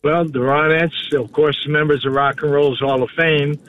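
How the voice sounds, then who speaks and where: A man's voice: on the high side, fairly even intonation, normal speed, dry recording. A man as a musician guest on a radio show, calling in and speaking matter-of-factly. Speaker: musician guest on a phone line. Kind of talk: radio interview. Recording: tinny phone line with faint hiss.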